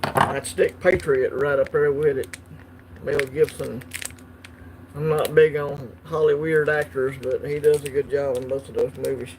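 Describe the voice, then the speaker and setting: A man's voice: medium pitch, little pitch movement, unhurried, noisy background. A man hosting a coin collecting channel, chatting casually and laughing easily while unboxing on a livestream.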